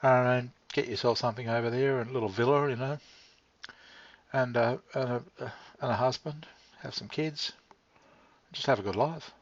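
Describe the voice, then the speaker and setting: A man's voice: medium pitch, moderate pace, no echo. A man talking in a meandering, laid-back monologue, swearing casually and chuckling as he goes. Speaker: vlogger. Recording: dry, slightly dull lo-fi sound.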